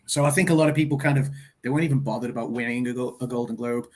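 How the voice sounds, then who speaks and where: A British man hosts a laid-back podcast chat at a middling pitch. He rambles along easily, full of "uh" and "um", and sounds relaxed throughout. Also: very fast. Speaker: podcast host. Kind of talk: casual chat.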